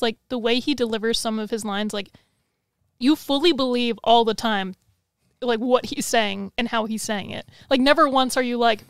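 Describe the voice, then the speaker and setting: A woman's voice: a little high, clean tone, no room sound, studio quality. A woman co-hosting a podcast, chatting casually and rambling with lots of "like". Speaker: podcast co-host. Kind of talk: casual chat.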